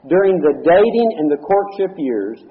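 A man's voice: fairly high pitch, big pitch swings, normal speed, phone-quality sound. A man teaching an evening Bible study, reading verses aloud and explaining them one by one in an earnest manner, often restarting on repeated words.

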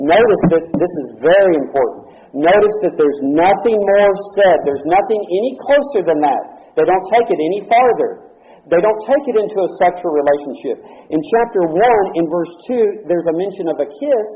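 Earnest male Bible teacher with a slightly higher voice, going verse by verse; dull lo-fi recording. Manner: earnest, explains verse by verse, repeats words as he restarts. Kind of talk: evening Bible study teaching.

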